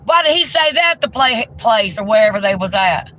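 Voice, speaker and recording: A woman's voice: fairly high pitch, animated, a little fast, fairly bright tone, slight background noise, low-quality recording. A woman ranting heatedly and profanely during a live stream, talking into a handheld phone from inside a car.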